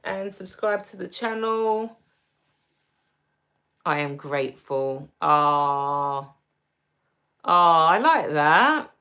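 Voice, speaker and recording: Slow, gentle London woman. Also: sits low, expressive. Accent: London English. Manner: slow, gentle and reassuring, reads viewer comments aloud. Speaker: livestream host. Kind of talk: casual livestream chat reading comments.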